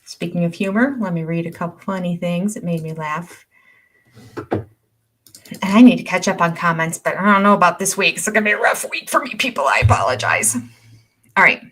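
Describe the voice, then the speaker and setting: A woman's voice: on the low side, animated, normal speed. Older woman laughing through viewer comments. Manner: laughs often while reading comments aloud; chatty, warm-hearted and easily amused. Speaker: host reading viewer comments. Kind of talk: casual livestream chat.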